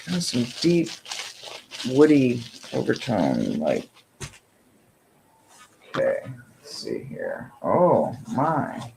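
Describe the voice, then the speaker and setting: Man, unboxing chat, gravelly voice, slow delivery, whispered asides, faint background hiss. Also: mid-range voice, wildly swooping pitch, darkish tone, rough recording. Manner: gushing, breathy exclamations, frequent whispered asides. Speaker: vlogger unboxing subscription boxes.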